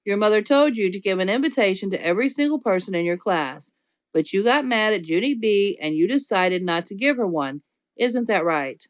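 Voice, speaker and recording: A woman's voice: mid-range voice, lively intonation, a little fast, lightly acted. A woman voicing a stern male school principal in an audiobook, asking firm, probing questions. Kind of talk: audiobook character voice.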